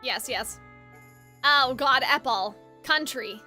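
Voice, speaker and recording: A woman's voice: high voice, slow, bright, forceful tone, faint music behind. A woman streaming a game live, chatting and joking as she plays, laughing often. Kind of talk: live gameplay commentary.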